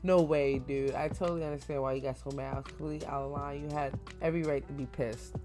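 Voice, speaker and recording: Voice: medium pitch, little pitch movement, quick pace, over music, natural voice. A reader voicing a laid-back, apologetic teenage boy friend who talks in slang.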